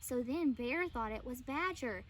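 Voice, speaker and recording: A woman teacher reading a picture book aloud to children, pausing to ask encouraging questions. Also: high voice, expressive. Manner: encouraging, asks questions of the listeners.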